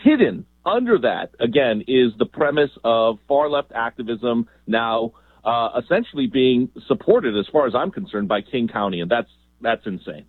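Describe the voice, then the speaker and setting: A man calling in as a journalist guest on a radio show, talking emphatically and quickly with fillers. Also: mid-range voice, lively intonation, dry recording. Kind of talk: phone-in radio interview. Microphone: phone. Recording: tinny phone line.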